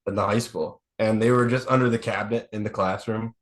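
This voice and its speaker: A man's voice: lowish voice, steady tone, fairly quick, a crowd in the background. A man co-hosting a podcast, telling family stories in casual, profane chat with a laid-back delivery. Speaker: podcast co-host.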